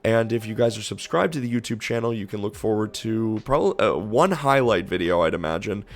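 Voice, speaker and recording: A man streaming, giving excited reaction commentary with loud gushing outbursts. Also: lowish voice, fairly quick.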